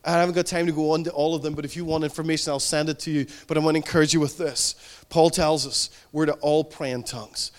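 Fervent male preacher, fairly high voice. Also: fairly even intonation, fast talker. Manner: fervent, repetitive preaching with emphatic rises. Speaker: pastor. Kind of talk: sermon.

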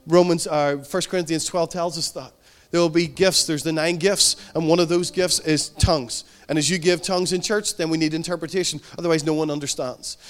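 A man preaching a sermon as pastor, fervent and repetitive, swinging between emphatic rises and hushed, tender passages. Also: fairly high pitch, steady tone, brisk.

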